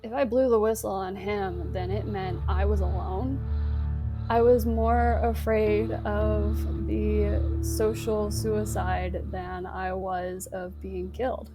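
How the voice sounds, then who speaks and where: A young woman in an interview recounting a personal ordeal, halting, with restarts and nervous laughs. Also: mid-range voice, little pitch movement, over music. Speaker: interview guest recounting abuse.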